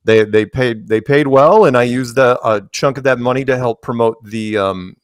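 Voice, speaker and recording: Animated American man telling stories. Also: medium pitch, normal speed, smooth, no echo, clean studio sound. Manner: animated storyteller, acts out quoted voices. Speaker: interview guest. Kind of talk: casual podcast interview.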